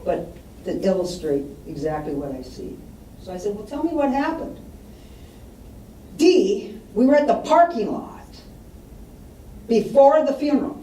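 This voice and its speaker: A woman's voice: a little high, sing-song, unhurried, long pauses, warm tone, slight background noise. A woman giving a public talk on estate planning, telling client stories and acting out the voices of the people in them. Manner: storytelling, acts out quoted voices. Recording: distant mic in roomy hall, faint ambience.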